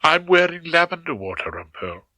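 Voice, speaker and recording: A man's voice: a little high, sing-song, normal speed, sharp tone, no room sound, voice pushed up, full character voice, poor audio. A man voicing a fussy middle-aged wife in a genteel, prim manner, in an audiobook. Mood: coy. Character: fussy middle-aged English wife, coy then bossy. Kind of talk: audiobook character voice.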